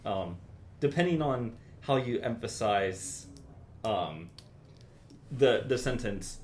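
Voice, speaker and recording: A man giving a one-on-one composition lesson in a university room, his fairly low voice rising and falling a lot as he explains. He talks in a relaxed, chatty way, with plenty of ums, and a faint hum of room sound sits behind him. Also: takes it slowly. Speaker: music composition teacher. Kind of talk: private lesson feedback.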